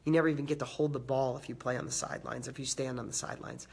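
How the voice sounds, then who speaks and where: A man with a slightly hoarse, raspy voice from a cold, giving an emphatic live motivational talk, stacking repeated phrases and greeting viewers by name. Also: mid-range voice, fairly even intonation, rapid-fire, darkish tone. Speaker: motivational host.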